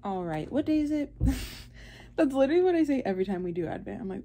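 Lively, chatty young woman vlogging. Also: sits high, brisk, background noise. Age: young adult. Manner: chatty and playful, talking to the camera. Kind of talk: casual vlog chat.

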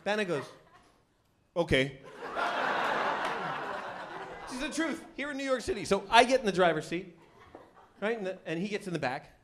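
A man doing a stand-up routine in a New York comedy club, telling an animated story and acting out the characters. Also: sits high, quick pace, background noise. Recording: loud comedy club audience laughter.

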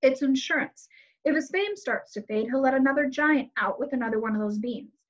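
Storybook prince, read by a woman: cold, commanding, impatient; a bit higher voice, slightly muffled recording. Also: brisk. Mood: curt. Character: arrogant, impatient fairy-tale prince, grown man.

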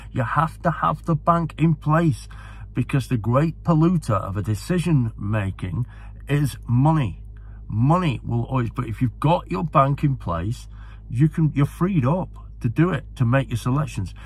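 A man's voice: mid-range voice, slightly rough. A man talking casually to camera, enthusiastic and rambling, often repeating himself as a horse racing tipster.

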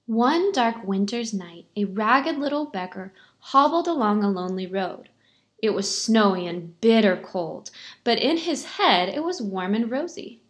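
A woman teacher reading a picture book aloud to her pupils, in a clear storytelling manner. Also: medium pitch, lively intonation, unhurried.

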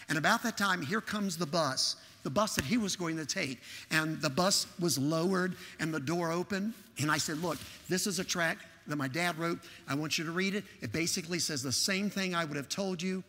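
A man's voice: a little high, normal speed, hardly any pauses, bright, forceful tone, a little hiss or hum. A man preaching a sermon in church, telling a story and acting out its dialogue with animation. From Texas. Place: large church sanctuary. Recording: long hall reverb.

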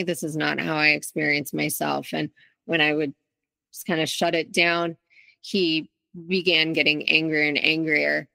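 Woman, low pitch, dry close sound, unhurried, reflective interview guest. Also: vocal fry, pushed and bright, no room sound. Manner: candid, reflective, with restarts. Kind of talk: interview, personal account.

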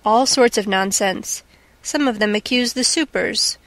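A woman's voice: medium pitch, measured pace, no room sound, natural voice. A woman voicing a dry, stubborn male head stableman in a plain, matter-of-fact tone.

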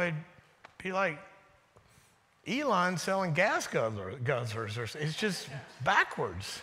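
A man giving a sermon, telling stories in an animated way and dropping to a hushed voice when quoting people. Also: sits high. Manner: animated storyteller, drops to a hushed voice for quotes. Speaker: guest speaker. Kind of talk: sermon with storytelling. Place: church sanctuary. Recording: reverberant church hall.

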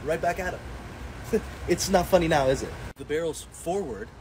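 A man's voice: a little high, expressive, moderate pace, noisy background. A man, a comedian teasing a friend in broken English in a skit.

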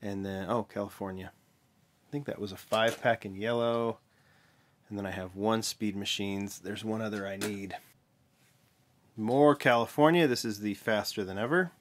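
A man with a somewhat low voice talks his way through a casual show-and-tell vlog. His delivery is offhand and a little mumbled, with quick self-corrections along the way. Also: slight background noise. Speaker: vlog host, toy car collector.

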